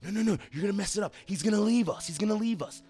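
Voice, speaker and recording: A man voicing a scared mother who hushes her child to cover up abuse. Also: high voice, racing, soft background music, pitched above the performer's own voice, natural voice. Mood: hushing. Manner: hushed, pleading, nervous. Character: frightened mother hushing up abuse.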